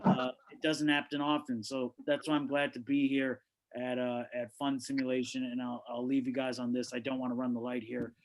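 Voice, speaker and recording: A man's voice: medium pitch, little pitch movement, fairly quick, low-quality recording. A man doing a stand-up set at an online open mic from his home over a video call, delivering punchy, brash jokes with a lot of swearing. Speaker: stand-up comic. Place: home, indoors on carpet.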